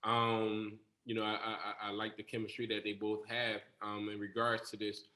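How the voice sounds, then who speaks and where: A man's voice: lowish voice, monotone, moderate pace, bright, forceful tone, echoey room. A man judging a talent show, giving hesitant feedback full of fillers.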